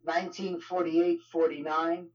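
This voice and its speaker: A ministry leader guesting in a casual interview speaks with a New York accent, his voice on the high side, level in tone, and a little slow. The recording is muffled, and his conversational talk is full of fillers.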